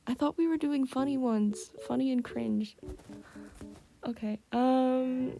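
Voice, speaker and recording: A woman's voice: a little high, takes it slowly, vocal fry, mellow, faint music behind. A young woman casually reading her old fan stories aloud and chatting about them, giggling and reacting as she goes.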